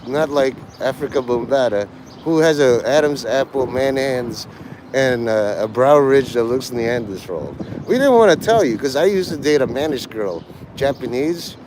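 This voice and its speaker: Animated, crude rambling male livestreamer. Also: mid-range voice, normal speed, background noise. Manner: crude, rambling, jokey, breaks into laughter. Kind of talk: rambling live-stream chat.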